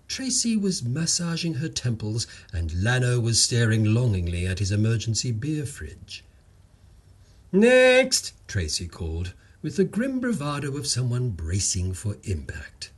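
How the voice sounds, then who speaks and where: A man narrates a comic story with a husky, slightly breathy voice. His delivery is wry and playful, swinging widely in pitch from line to line. The pitch sits in an ordinary middle range for a man.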